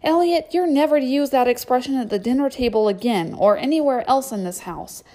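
A woman's voice: medium pitch, expressive, moderate pace, a little mellow, close to an everyday voice. A woman voicing a harried single mother, weary and wry, scolding her children at dinner.

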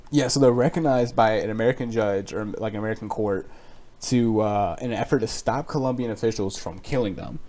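A man's voice: lowish voice, brisk, warm tone. A young man hosting a solo podcast, rambling casually with lots of swearing, filler words and sarcastic asides. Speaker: podcast host.

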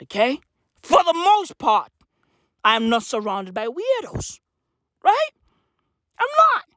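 A man's voice: very high voice, huge pitch swings, slow, pushed and bright, no room sound, studio quality. A man from Africa delivering a profane, slang-heavy comedic rant with an emphatic, mocking manner.

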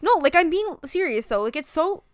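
A woman from Canada co-hosting a casual sports podcast, ranting in exasperated rapid-fire questions. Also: sits high, very animated, no room sound. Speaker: podcast co-host.

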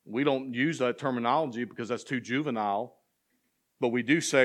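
A man's voice: medium pitch, brisk, a bit bright. A man preaching a sermon to a church as pastor, asking the congregation questions and building to emphatic passages. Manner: preaching with rising intensity and call-and-response questions.

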